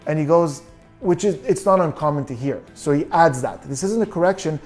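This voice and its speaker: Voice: mid-range voice, a little fast, a little mellow, faint music behind. A body language analyst giving true crime video commentary, reasoning through details and asking many questions.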